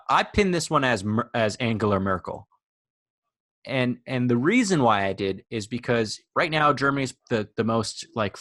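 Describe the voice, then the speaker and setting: A man's voice: medium pitch, a bit bright, no room sound, clean studio sound. A young man co-hosting a podcast, rambling and argumentative, with lots of filler words. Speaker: podcast co-host. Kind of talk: casual chat.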